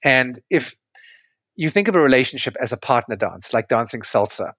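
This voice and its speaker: Man calmly explaining relationships, dry sound. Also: medium pitch, moderate pace, husky, no room sound. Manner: explains patiently with metaphors, asks if it makes sense. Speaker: relationship coach, podcast guest. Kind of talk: conversational interview explanation.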